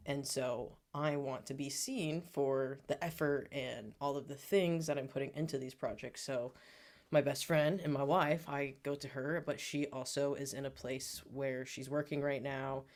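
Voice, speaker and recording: A man's voice: mid-range voice, level tone, normal speed. A man co-hosting a podcast, earnestly reflecting on his own feelings and growth with therapy-style language. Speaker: podcast co-host. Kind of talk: personal storytelling on a podcast.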